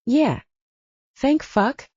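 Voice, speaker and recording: A woman's voice: lively intonation, drawn-out words, a little mellow, no room sound, dull audio, exaggerated voice. A woman reading the lines of a possessive young male rockstar in an audiobook, curt and profane. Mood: tender. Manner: low, terse and profane.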